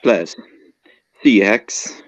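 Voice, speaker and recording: A man reading aloud, voicing a smug male cartoon raccoon in a loud, put-on French accent. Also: fairly low pitch, very slow, highs cut off. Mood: teasing.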